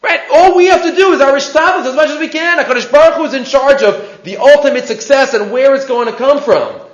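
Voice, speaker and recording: A man's voice: very high-pitched, fast talker, roomy sound, highs cut off. A man teaching a class in a conversational lecturing way, asking rhetorical questions.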